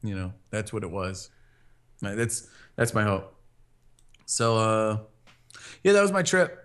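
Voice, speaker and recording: A young man casually telling a funny anecdote, laughing often, rambling with fillers, and jumping into animated voices when he quotes people. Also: on the low side, unhurried, clear, resonant tone.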